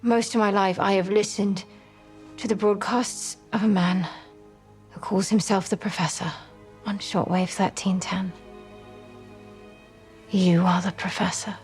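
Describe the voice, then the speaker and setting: An actress with a British accent playing a young blind woman who knows people by their voices, speaking quietly and sometimes in a whisper. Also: medium pitch, steady tone, unhurried, pauses often, close to an everyday voice. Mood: earnest. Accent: British, as played. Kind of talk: drama scene. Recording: drama with faint music.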